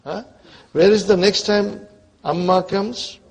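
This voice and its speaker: A man's voice: high voice, steady tone, vocal fry, a little mellow, husky. A man teaching an Arabic grammar lesson, quizzing his students and checking often whether they are following along. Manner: patient, repeats terms slowly.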